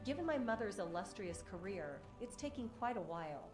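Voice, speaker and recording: A woman's voice: medium pitch, big pitch swings, brisk. Woman as a chatty young game villager, ai voice, bouncy tone, roomy sound with music. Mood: friendly. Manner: chatty, lightly joking. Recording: echoey game audio over music.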